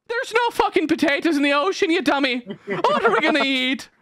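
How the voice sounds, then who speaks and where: A man putting on a shrill, frantic voice for a dim-witted famine-era peasant man in a comic bit. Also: sing-song, brisk, pushed and bright, dry recording, studio quality, heavily acted. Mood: panicked.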